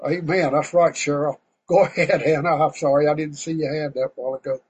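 Husky preacher man. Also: on the high side, steady tone, fairly quick, highs cut off. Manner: impassioned, folksy, shouting praise. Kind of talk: fervent sermon to an online group.

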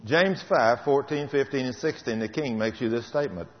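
A man gives a testimony sermon, telling his story dramatically and swinging between loud and soft passages. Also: medium pitch, moderate pace. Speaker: preacher giving a testimony. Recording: dull recording with long hall reverb.

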